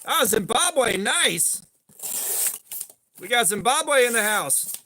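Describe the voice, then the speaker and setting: A man's voice: very high-pitched, sing-song, takes it slowly, bright, forceful tone, slight background noise. A man hosting a knife-testing livestream, casually greeting viewers and joking around. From USA. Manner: laid-back, greets chat viewers by name, joking.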